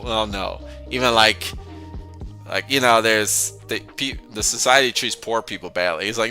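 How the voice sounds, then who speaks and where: At a normal speed and with soft music in the background, a man with a lowish voice talks in a bright, forceful tone. He runs a philosophy discussion channel, and his casual monologue wanders, full of restarts and frequent chuckles between ideas.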